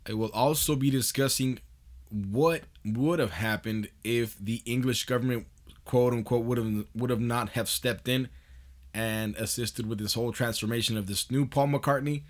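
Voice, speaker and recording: A man's voice: medium pitch, fairly even intonation, moderate pace. A man hosting a podcast in a loose, profane monologue, laughing often as he talks. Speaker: podcast host.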